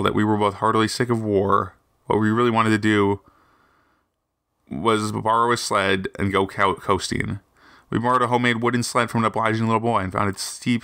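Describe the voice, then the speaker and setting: A man hosting a podcast and reading aloud in a halting way, often stopping to restart his words. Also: on the low side, gravelly, bright, forceful tone, no room sound, clean studio sound. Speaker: podcast host and reader.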